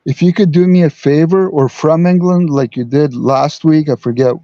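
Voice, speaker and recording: A man calling in to a talk show, explaining earnestly with halting restarts. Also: fairly high pitch, fairly even intonation, dark tone, no room sound, highs cut off. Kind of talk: casual call-in talk.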